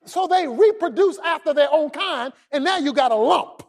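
A man preaching a sermon as pastor, swinging between shouted emphasis and low murmurs and calling on the congregation to repeat lines after him. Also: expressive, moderate pace, hardly any pauses.

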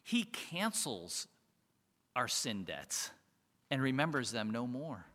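A man's voice: medium pitch, big pitch swings, takes it slowly, long pauses, fairly bright tone. A man giving a conversational sermon as a pastor, often chuckling and asking his listeners rhetorical questions. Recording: reverberant hall.

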